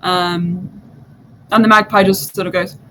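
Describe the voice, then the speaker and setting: Woman game master, lively narration. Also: fairly low pitch, measured pace, slight background noise, rough recording.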